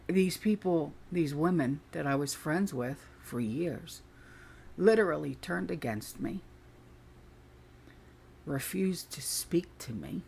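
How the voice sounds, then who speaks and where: A woman's voice: low voice, creaky, a little mellow, slight background noise. A middle-aged woman hosting her own channel, talking in a rambling, indignant monologue that drifts off on tangents. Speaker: channel host. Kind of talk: casual ranting monologue.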